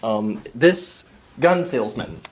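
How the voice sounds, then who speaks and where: A man's voice: medium pitch, animated, takes it slowly, noisy background. A man goofing around as the host of a made-up show, rambling and giggling while he keeps sneezing. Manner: silly, giggly, rambling announcer voice. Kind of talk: goofy improvised chat.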